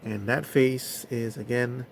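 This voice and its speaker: A man's voice: medium pitch, steady tone, vocal fry, a little hiss or hum. A man casually reviewing action figures, talking in a hesitant way with many fillers. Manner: slow, hesitant, lots of fillers. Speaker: toy reviewer.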